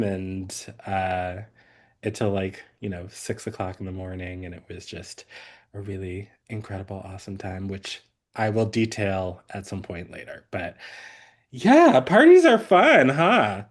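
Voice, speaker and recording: Slow, low-voiced chatty man. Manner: rambling, chatty, laughs often, many fillers. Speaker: podcast co-host. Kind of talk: casual chat.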